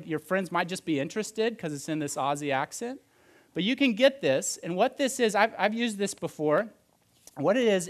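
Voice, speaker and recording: A man preaching a sermon in church, talking in a conversational, practical way with frequent restarts. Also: a little high. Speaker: pastor.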